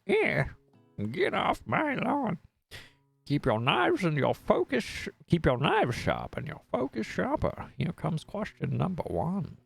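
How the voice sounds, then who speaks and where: A man's voice: sits high, wildly swooping pitch, unhurried, vocal fry, breathy edge, faint music behind, voice pushed up, heavily acted. A man voicing a strict, fussy male dog professor in a crotchety old-man voice.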